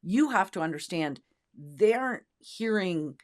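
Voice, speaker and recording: Emphatic woman co-host, fairly low voice. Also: animated, unhurried. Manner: emphatic, demonstrative, acts out tones of voice. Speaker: co-host, dog trainer. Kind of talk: casual podcast chat.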